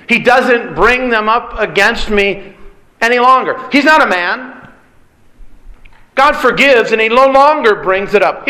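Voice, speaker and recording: A man's voice: high-pitched, bright, forceful tone. A middle-aged man preaching a sermon, earnest and direct, asking the congregation rhetorical questions. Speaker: pastor.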